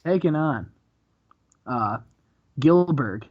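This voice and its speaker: A man hosting comedic let's-play commentary, telling the story in an animated way and laughing often. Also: a little high, very slow, slightly rough, muffled recording. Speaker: host.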